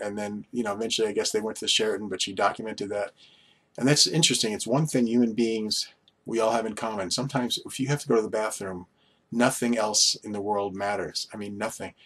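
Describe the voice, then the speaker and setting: A man's voice: on the low side, a bit bright, breathy edge. A man from Long Island with a local accent, rambling casually to the camera and telling stories with lots of asides. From Long Island, New York. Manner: meandering, storytelling with asides and restarts. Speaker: vlogger.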